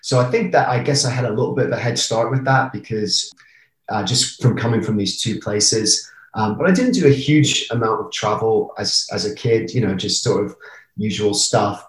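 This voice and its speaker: An English man in his forties, a travel writer, speaks in a low voice with an English accent that keeps a faint American r. He chats casually and reflectively, laughing often. The recording has a roomy echo. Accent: southern English with American r. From England. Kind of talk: casual interview.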